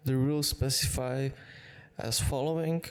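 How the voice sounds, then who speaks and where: A man's voice: medium pitch, steady tone, measured pace, clean tone. A man hosting a sim racing channel, breaking down race replays in an analytical way and often correcting himself mid-sentence. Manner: analytical, with frequent self-corrections. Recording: music bed under the voice.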